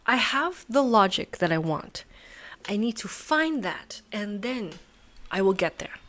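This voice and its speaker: A woman's voice: medium pitch, very animated, measured pace, fairly bright tone. A woman hosting a puzzle channel, talking to herself as she solves, muttering, swearing and laughing at herself.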